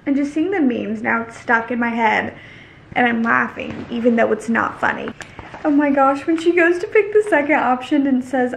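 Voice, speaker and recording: A woman with a fairly high voice and a gravelly, frayed edge runs a casual book reread. She reads passages aloud, then breaks off to gush about them in a chatty rush, with "like" in nearly every sentence. A faint hiss sits under her voice. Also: moderate pace. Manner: chatty and gushing, heavy use of "like". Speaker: book vlogger.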